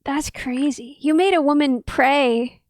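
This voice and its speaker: A woman hosting a stream in casual chat, playful and quick. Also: high voice, no echo, clean studio sound. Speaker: streamer host.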